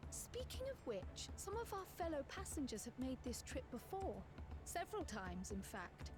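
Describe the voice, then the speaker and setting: A woman's voice: high-pitched, huge pitch swings, normal speed. An actress playing an earnest young woman companion in a video game, speaking in a composed way. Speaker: game character. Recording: game audio under music.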